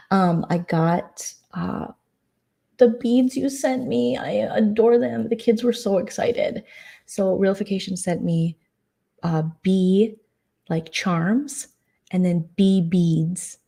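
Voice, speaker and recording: A woman vlogger rambles through a casual late-night chat, full of fillers and restarts. Her voice sits a bit low, with a soft, mellow tone. She sounds relaxed and low key. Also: vocal fry.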